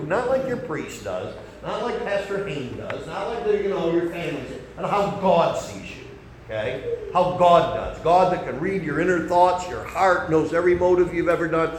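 A man preaching a sermon, folksy and conversational, swinging between loud emphasis and soft asides. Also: fairly high pitch, roomy sound, slight background noise, poor audio.

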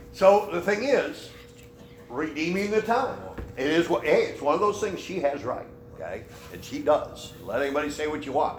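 Man, pastor, folksy Bible teaching, echoey church room, faint hiss. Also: fairly high pitch. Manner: conversational, folksy, answers questions from the room.

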